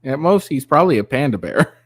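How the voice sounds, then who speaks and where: A man's voice: on the low side, no echo. Crude, giggly man reacting dry. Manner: crude, mocking, giggly, rambling. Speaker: commentary channel host. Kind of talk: casual reaction commentary.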